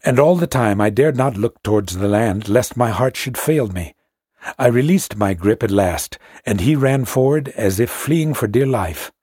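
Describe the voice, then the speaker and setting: A man reads a classic sea story aloud in a measured, hushed manner. His voice is husky and of middle pitch. The recording is dry and close. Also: animated, no room sound. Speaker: audiobook narrator.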